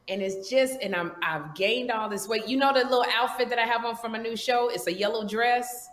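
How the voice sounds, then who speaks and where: A woman's voice: fairly high pitch, normal speed, hardly any pauses, echoey room. A woman on a video call, chatting casually in loose run-on sentences. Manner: animated, rambling, talks in loose run-on sentences. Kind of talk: casual chat.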